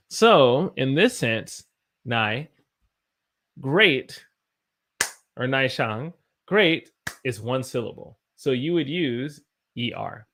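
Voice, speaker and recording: A man's voice: mid-range voice, animated, extremely slow, long pauses, fairly bright tone. A man from the United States teaching English on a live stream, tired after a long day and encouraging as he reads out viewer sentences and corrects them.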